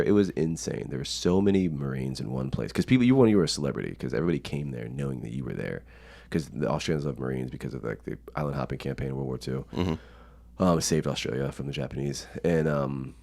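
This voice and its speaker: Young american dude with a super low gravelly voice, cussing a lot, laughing while he tells it. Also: a little mellow. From United States. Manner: profane, laughing storyteller. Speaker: podcast guest. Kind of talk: casual storytelling.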